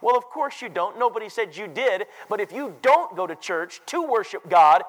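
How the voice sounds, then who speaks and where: A man with a high voice preaching a sermon from scripture. He talks emphatically and climbs to loud, ringing declarations. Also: animated, normal speed, low-quality recording.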